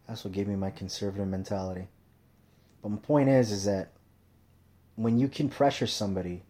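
A young man talking casually into a mic in a profane, rambling monologue, swearing constantly and telling animated stories. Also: lowish voice. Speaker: commentator.

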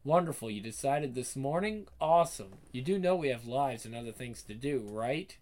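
A man's voice: medium pitch, expressive, normal speed, darkish tone, close to an everyday voice. A man voicing a grumpy young adult daughter who complains sarcastically. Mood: sarcastic.

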